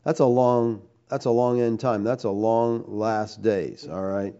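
Emphatic preacher man, mellow voice. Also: fairly low pitch, fairly even intonation, a little slow, smooth, muffled recording. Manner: emphatic, rhetorical questions, tags "all right?". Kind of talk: sermon teaching.

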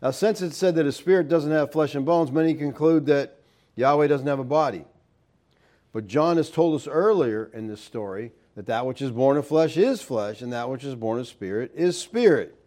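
A man's voice: medium pitch, animated, normal speed, dark tone. A man giving a verse-by-verse Bible teaching, explaining with rhetorical questions and stressing key points.

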